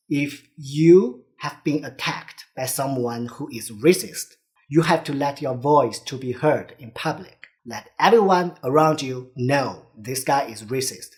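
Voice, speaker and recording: A man speaking English with a Chinese accent, his first language being Chinese. He talks straight to the camera in an earnest, urging way, pressing his listeners to act. His pitch sits in an ordinary middle range. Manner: earnest, urgent and exhortative. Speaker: vlogger. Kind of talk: direct-to-camera commentary.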